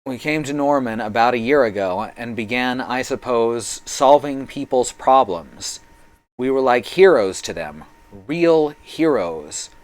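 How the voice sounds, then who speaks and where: A man voicing a grieving, guilt-ridden masked fighter in a live-streamed tabletop game, telling the story slowly and haltingly. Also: medium pitch, lively intonation, lightly acted, rough recording. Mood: mournful. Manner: slow, halting, tearful storytelling.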